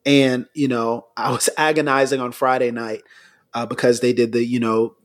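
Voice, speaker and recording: A middle-aged American man, a pastor, telling stories in a relaxed podcast conversation, laughing between points. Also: mid-range voice, moderate pace.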